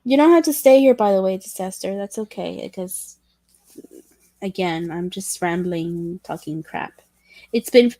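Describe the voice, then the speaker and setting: A woman hosting a casual livestream chat with viewers, talking in a halting way with many restarts and self-corrections, candid and self-deprecating. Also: medium pitch, animated, mellow, no echo. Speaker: livestream host chatting with viewers.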